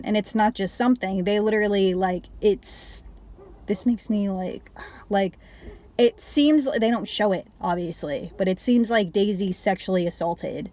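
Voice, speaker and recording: A woman chatting through a film review in a loose, rambling way, peppering nearly every phrase with "like". Her pitch sits in an ordinary middle range. She sounds emotionally invested, sighing and going quiet when a scene upsets her. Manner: rambling, heavy use of "like", trails off and restarts. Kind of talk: casual spoken film review.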